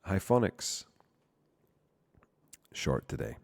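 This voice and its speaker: Deep gravelly streamer. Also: male voice, sing-song, very slow, darkish tone, no room sound. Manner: rambling, profane, self-interrupting. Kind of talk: casual live-stream chat while coding.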